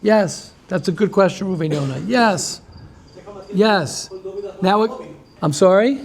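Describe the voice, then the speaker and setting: A man who is a rabbi giving a lively class, repeating himself and restarting often as he talks with the audience. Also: high voice, slow pace.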